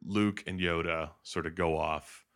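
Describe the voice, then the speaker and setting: A man's voice: low-pitched, unhurried. A man hosting a podcast, animatedly recapping a film with swearing and laughter, slipping in voices. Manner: animated, profane, laughing storyteller. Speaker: podcast host.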